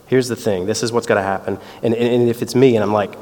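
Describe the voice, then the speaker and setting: Here the preacher, a man in his thirties, talks fast in a lowish, fairly even, slightly mellow voice, telling family tales and acting out quotes in a relaxed sermon. The sound rings with long reverb in a hall.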